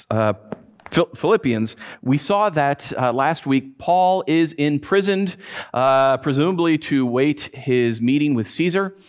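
Pastor, male, slightly high voice, animated preacher who acts out his stories. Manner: animated storytelling, acts out his own frustrated voice. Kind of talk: sermon.

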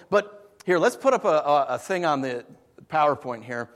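A man preaching a sermon, animated and playful, dropping to hushed whispers and acting out what listeners might say. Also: sits high, fairly quick. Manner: acts out listeners' voices in asides. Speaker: pastor.

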